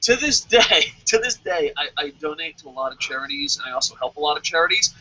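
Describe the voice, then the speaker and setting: Brief: bright, breathy male host, lively and profane, lo-fi audio. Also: on the high side, fast, hardly any pauses. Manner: animated, swearing, jokey with sung sound effects. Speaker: podcast host. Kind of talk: casual chat. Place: lives in Japan.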